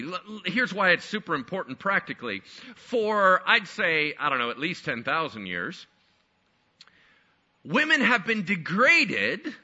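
A man preaching a sermon as pastor, animated and acting out skeptical listeners in quick asides. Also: sits high, lo-fi sound.

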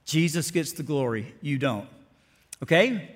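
A man's voice: a little high, expressive, unhurried. A man preaching a sermon as pastor, telling stories in a folksy, down-to-earth way. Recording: long hall reverb.

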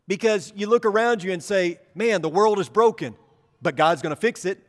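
Male pastor, earnest sermon delivery, voice climbs on key points and softens on asides; long church reverb. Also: sits high. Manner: earnest, preacherly, rises for emphasis and drops soft for asides.

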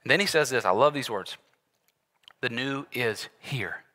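A man preaching a sermon, walking the congregation through a passage in an animated, conversational way with sudden loud bursts. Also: mid-range voice, unhurried. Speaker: pastor. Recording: long hall reverb.

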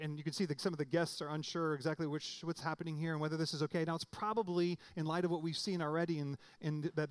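A man preaching a sermon in a conversational way, often restarting phrases and rising suddenly for emphasis. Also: a little high. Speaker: pastor.

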